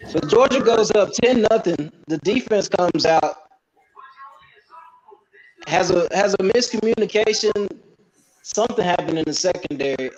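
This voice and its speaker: High-voiced man with muffled audio. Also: a little mellow. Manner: laid-back, explains plays. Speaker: co-host. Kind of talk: casual game analysis. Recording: dull lo-fi audio.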